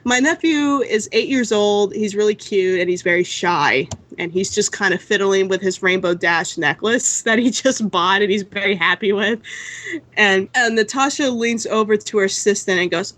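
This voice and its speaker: A woman's voice: medium pitch, moderate pace, a bit bright. A woman guest in a casual call-in interview, telling stories with frequent laughter. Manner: chatty storytelling, laughs often. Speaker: guest animator. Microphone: remote call.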